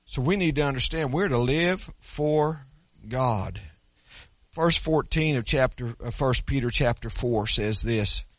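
A man's voice: mid-range voice, a little slow, no echo. An older man preaching a sermon, swinging between folksy stories and emphatic preaching. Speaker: pastor.

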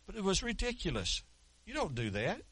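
Forceful folksy preacher in his sixties. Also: high voice, huge pitch swings, brisk, breathy edge. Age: 60s. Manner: folksy storytelling with humor. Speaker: pastor. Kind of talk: sermon.

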